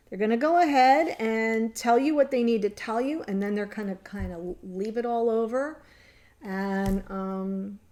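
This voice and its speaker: A tarot reader with a higher-pitched, darkish voice gives a casual reading straight to camera. She addresses her viewers earnestly and with real emotion.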